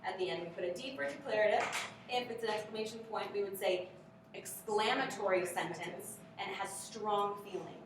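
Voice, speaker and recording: A woman's voice: mid-range voice, brisk, background noise. A woman training teachers in a workshop lesson, upbeat and drilling rhythmic grammar chants. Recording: very echoey room, mic far off.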